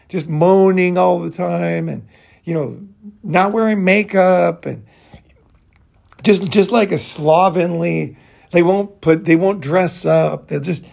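A man's voice: sits high, gravelly, a little mellow. A middle-aged man telling stories in a rambling casual monologue, full of fillers and swearing. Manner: rambling storytelling with frequent profanity and fillers. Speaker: podcast host.

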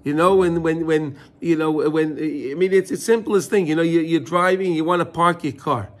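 A man teaches a Torah class in a fairly high voice. He repeats his words and keeps asking his listeners questions as he explains. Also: moderate pace. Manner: repeats words, asks listeners questions, mixes Hebrew terms.

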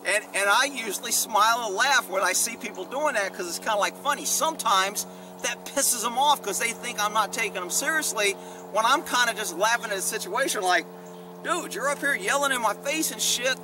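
A man's voice: sits high, a little fast. A middle-aged man, a former police officer, telling stories in a casual vlog with a profane, rambling, candid way of talking. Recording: distant mic with faint background noise.

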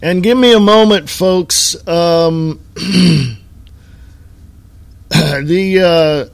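A man hosting his own podcast in a talk-radio monologue style, hammering points home with slow, stressed words and repeats. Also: on the high side, smooth. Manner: emphatic, repetitive, slowed stress on key words. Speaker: podcast host.

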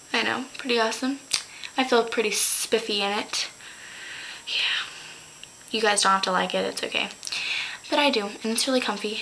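A woman's voice: on the high side, pushed and bright, slight background noise, rough recording. Chatty, giggly teen girl vlogger. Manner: chatty, giggly, corrects her own slips. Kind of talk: casual chat to camera.

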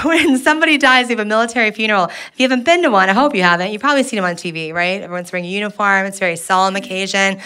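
A woman comedian doing stand-up on a live stage, telling her stories in a wry, animated way. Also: mid-range voice, clear, resonant tone.

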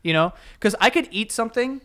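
A young man co-hosting a casual podcast, relaxed and dry in his banter. His voice sits a little higher than most men's. He swears easily and tells offhand stories. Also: a little fast. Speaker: podcast co-host. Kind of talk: casual chat.

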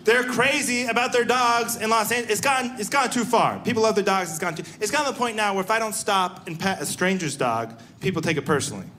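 A man's voice: high voice, fast talker, few pauses, slight background noise. A young man performing a stand-up comedy set on a live stage, telling stories and acting out the voices of the people in them. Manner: animated storytelling, acting out voices.

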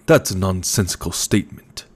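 A man reading an audiobook, voicing a fat, scheming older baron with a rumbling bass voice and a gloating, impatient manner. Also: animated, normal speed, breathy edge.

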